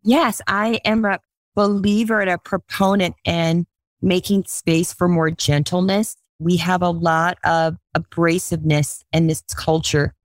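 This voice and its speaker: A middle-aged woman, a life coach, talking as a guest in a podcast interview, at times slow and soothing as she guides breathing, at times earnest and lively as she explains. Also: fairly low pitch, dry recording, clean studio sound. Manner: earnest, animated storytelling.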